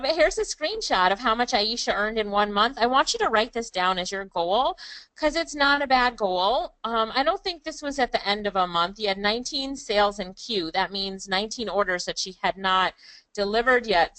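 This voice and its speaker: A woman's voice: medium pitch, normal speed, a bit bright, no room sound, poor audio. A woman presenting a live online class in an upbeat, chatty way, calling on viewers by name. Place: Kingston, Jamaica.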